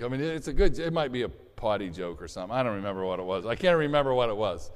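A man's voice: on the low side, animated, fast, hardly any pauses, long reverb tail. A man preaching a sermon in a conversational way, stopping and restarting often as he reads and explains scripture. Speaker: pastor.

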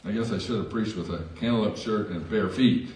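A pastor with a lowish, slightly mellow voice preaches briskly, recorded at a distance in an echoey church hall. His sermon is conversational and sprinkled with self-deprecating remarks.

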